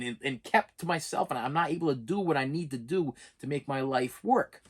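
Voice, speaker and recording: A man's voice: medium pitch, animated, fairly quick, hardly any pauses, husky. Rambling middle-aged man telling his story. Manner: rambling, repeats phrases and restarts often; plain-spoken, emphatic. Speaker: channel host. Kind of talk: personal storytelling monologue.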